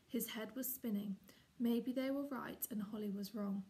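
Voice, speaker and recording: A woman, a teacher, reading a children's chapter book aloud in a steady, expressive way. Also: on the high side, moderate pace. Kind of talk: storybook read-aloud.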